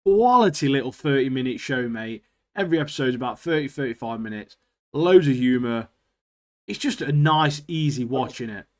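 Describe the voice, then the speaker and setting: A man's voice: medium pitch, expressive, normal speed. A man co-hosting a podcast, chatting casually, ranting animatedly and laughing often. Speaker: podcast co-host. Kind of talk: casual chat.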